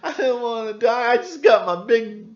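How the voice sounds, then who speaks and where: A man's voice: animated, moderate pace, highs cut off. A man mocking a whiny panicky young guy. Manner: high mocking whine.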